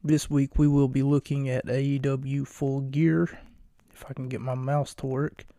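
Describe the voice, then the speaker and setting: A man hosting a casual solo wrestling podcast late at night, talking in a hushed, jokey, rambling way from a home recording space. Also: mid-range voice, gravelly, no echo, studio quality. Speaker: podcast host.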